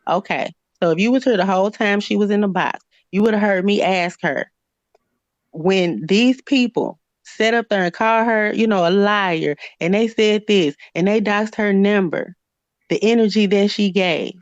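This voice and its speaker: A woman argues hard on a live stream, blunt and full of swearing, hammering the same point again and again. Her voice sits at a middling pitch. The sound is dry and a little muffled. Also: moderate pace, no room sound. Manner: blunt, profane, repeats her point insistently. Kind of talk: heated live-stream argument.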